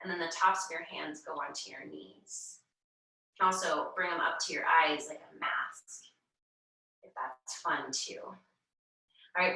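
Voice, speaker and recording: A woman leading a children's yoga class, talking slowly and gently and encouraging the kids with chants and animal sounds. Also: on the low side. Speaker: kids' yoga teacher. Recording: echoey room, mic far off.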